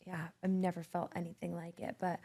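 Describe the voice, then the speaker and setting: A woman guesting on a podcast, chatting warmly with lots of fillers and easy laughter. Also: fairly low pitch, monotone, fairly quick. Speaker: podcast guest, artist and educator. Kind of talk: casual heartfelt conversation.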